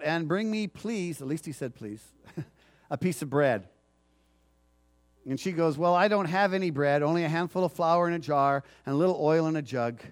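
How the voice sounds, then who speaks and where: Male pastor, slightly high voice, chatty sermon delivery, asks the room questions, goes big and dramatic on scripture readings. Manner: conversational, asks the congregation questions; dramatic swings in loudness and pitch when reading scripture.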